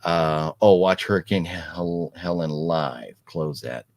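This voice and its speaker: A man's voice: takes it slowly, dry recording. A man hosting a casual live stream, chatting loosely and reading viewer comments, rambling with frequent restarts. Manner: rambling, restarts often, animated swings in pitch. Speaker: host of a livestream movie talk show.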